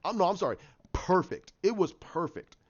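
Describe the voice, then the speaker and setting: A man with a slightly high voice rants through a casual show review. He is animated, swears and acts out the characters' lines as he goes. The recording sounds dull and lo-fi. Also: normal speed.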